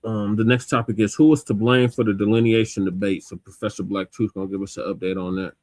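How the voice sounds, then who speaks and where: A low-voiced man hosting a casual podcast, laid-back and matter-of-fact as he moves the show along. The sound is close and dry, with no room echo. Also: fairly even intonation, quick pace, darkish tone. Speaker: host.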